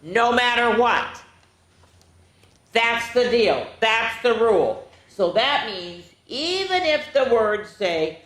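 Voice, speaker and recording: A woman reads a book aloud for a children's storytime, playful and animated, putting on silly sounds and voices. Her voice sits in the mid range and keeps a measured pace, and the room she's in is echoey.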